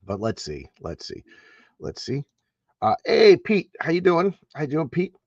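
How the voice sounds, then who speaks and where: A man's voice: fairly high pitch, huge pitch swings, unhurried, a little mellow, no room sound, muffled recording. A man hosting a casual live stream, rambling and stammering as he repeats words. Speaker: host.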